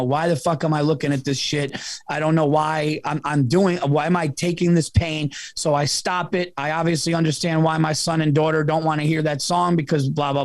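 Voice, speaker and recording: Animated, foul-mouthed man telling a story. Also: fairly high pitch, no echo. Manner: animated, profane, keeps addressing the listener as "dude". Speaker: podcast guest. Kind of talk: casual conversational storytelling.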